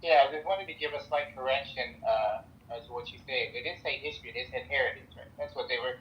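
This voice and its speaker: A man's voice: mid-range voice, fast, lo-fi sound. An American man speaking earnestly in a casual discussion, with many restarts and "right?" asides. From United States. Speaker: guest speaker in an audio chat room.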